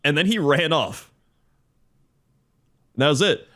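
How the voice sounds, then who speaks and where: A man's voice: fairly high pitch, animated, unhurried, a bit bright. A man co-hosting a podcast in casual chat, telling a rambling story and chuckling often. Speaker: podcast co-host.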